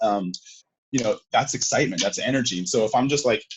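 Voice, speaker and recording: A man talking casually as an interview guest, excitable and full of fillers, acting out little quotes. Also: mid-range voice, fast talker, background noise. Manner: animated, filler-heavy, acts out quotes. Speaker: sales guest. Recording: dull lo-fi sound.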